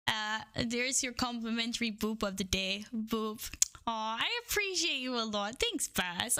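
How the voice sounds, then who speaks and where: A playful woman livestreamer in casual chat with her viewers, full of giggles and bubbly energy. Her voice sits a little high and rings very bright and sharp. She talks into a streaming microphone while wearing headphones.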